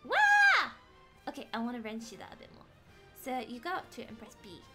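A woman's voice: fairly high pitch, quick pace. A young British woman chatting playfully while streaming a game, exclaiming as she plays. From Britain. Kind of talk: casual gaming stream chat. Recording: faint background music.

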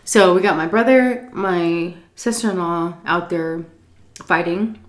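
A woman telling a story while eating, animated and profane, jumping into a high voice when she acts out quotes. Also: unhurried, echoey room. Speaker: YouTube storyteller. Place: home, indoors.

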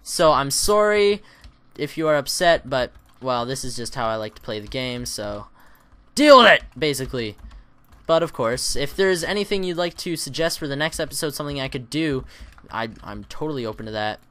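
A man hosting a Let's Play, chatting casually and rambling through his gameplay with self-mocking, excitable asides. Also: medium pitch, moderate pace. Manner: lively, excitable exclamations.

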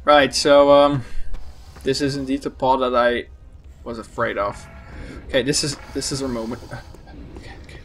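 A man giving let's-play commentary, excitable and panicky, swearing often at the game. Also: medium pitch, normal speed, pauses often, slight background noise. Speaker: gaming channel host.

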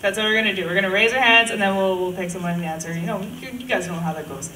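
A young woman with a medium-pitched, racing voice hosts a fan cosplay panel at a convention, upbeat, playfully bossy, and laughing often. Her handheld mic is heard from a distance across a large, echoey hall with loud noise.

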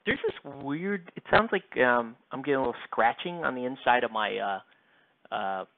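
This man has a mid-range, gravelly voice and sounds animated at a normal speed, with no room sound on a tinny, phone-like recording. Live streaming as he paints miniatures, he rambles casually into a headset mic, self-deprecating and full of fillers.

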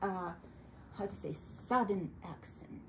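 A woman's voice: medium pitch, measured pace, a bit bright, rough recording. A woman with a Russian accent teaching a piano lesson, patient and coaxing, calling her student sweetie. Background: piano playing.

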